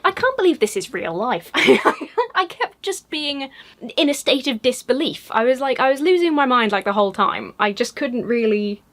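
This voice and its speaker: Gushing English woman vlogger. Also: a little high. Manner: gushing and excitable, with many fillers. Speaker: YouTuber. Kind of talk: casual chat.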